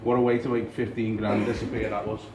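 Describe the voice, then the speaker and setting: A young man from Liverpool with a Scouse accent, doing a dry, deadpan stand-up set in a small comedy club. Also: fairly low pitch, quick pace. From Liverpool, England. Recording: roomy far-off club recording with crowd noise.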